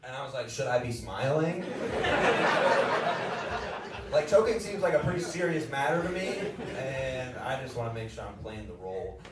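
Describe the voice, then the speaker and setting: A man's voice: medium pitch, a little fast, few pauses. A young man doing a stand-up comedy set, rambling and self-deprecating, with loose asides to the crowd. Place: comedy club stage. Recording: echoey room, distant mic, audible room noise. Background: audience laughter.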